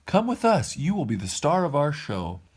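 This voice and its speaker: A man's voice: on the high side, wildly swooping pitch, normal speed, darkish tone, breathy edge, voice pushed up, exaggerated voice. A man voicing a greedy, menacing male puppet master in a storybook read-aloud, with a domineering, bellowing delivery. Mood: coaxing.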